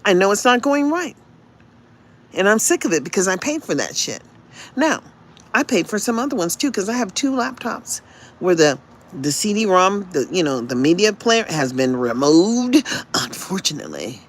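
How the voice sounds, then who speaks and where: Animated, profane woman ranting on a podcast. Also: medium pitch. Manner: profane, animated, repeats refrains. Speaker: podcast host. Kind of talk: live solo podcast rant. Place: home.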